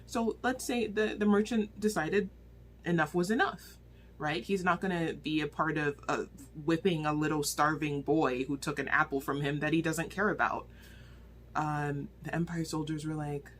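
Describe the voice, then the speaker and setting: A woman chats into her phone about a book she just read. She talks in an animated, exclaiming way, often stopping to restart her sentences as she rambles along. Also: deep voice, moderate pace, a little hiss or hum. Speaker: book reviewer. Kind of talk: casual vlog book review.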